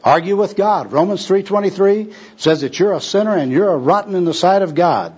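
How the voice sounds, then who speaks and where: A man's voice: high voice, fairly quick, a little mellow, husky, voice pushed up. A man voicing a zealous, pushy young male street preacher with an insistent, preachy manner, heard on a dull lo-fi recording.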